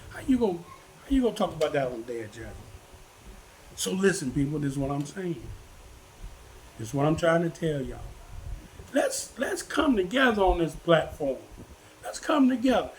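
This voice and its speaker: A man's voice: fairly high pitch, poor audio. An older man, a vlogger giving a preachy, folksy talk to his viewers and repeating himself for emphasis. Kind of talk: casual preachy monologue to viewers.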